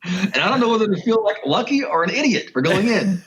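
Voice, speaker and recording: A man, a wildlife photographer and journalist, telling a story as a podcast guest in a lively, animated way. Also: fairly quick, poor audio. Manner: animated, with sudden jumps in pitch and pace. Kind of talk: casual storytelling.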